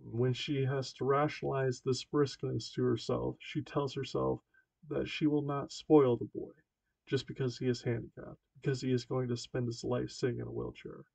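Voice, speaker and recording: Male amateur narrator, gravelly fry, stumbles and self-corrects, dead-dry muffled sound. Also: mid-range voice, level tone, normal speed, a little mellow, no echo. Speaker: amateur audiobook reader. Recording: dull dry lo-fi home recording.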